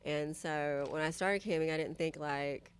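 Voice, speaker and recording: Low-voiced chatty woman telling candid stories. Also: normal speed, clean tone. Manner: chatty, full of "like" and "you know what I mean"; animated, voices other people in quotes. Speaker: podcast guest. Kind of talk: casual chat, candid storytelling.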